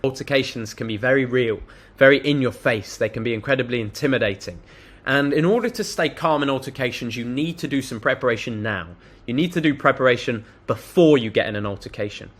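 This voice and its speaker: This self-improvement vlogger, a young man, speaks in a mid-range voice at a fairly quick clip. Looking straight into the camera, he hands out blunt, casual advice and curses liberally as he recounts a story.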